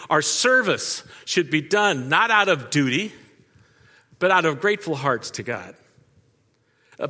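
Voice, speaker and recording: Here the older preacher's mid-range voice is pushed and bright, trailing a long reverb tail. His sermon is built on folksy family stories told conversationally, with asides to the listeners.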